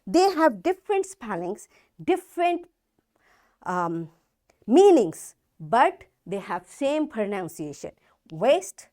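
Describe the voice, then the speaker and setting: A woman teacher with a fairly high voice leads a school lesson, spelling words letter by letter. Her pitch swings widely as she stresses each example. She talks deliberately, repeating points for young pupils. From Pakistan. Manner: slow, emphatic spelling out of words. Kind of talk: classroom lesson.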